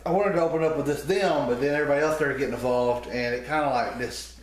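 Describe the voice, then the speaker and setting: A man's voice: medium pitch, fast talker. A man co-hosting a podcast, giving blunt, short opinions about wrestling in casual chat. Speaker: podcast co-host. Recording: roomy echo.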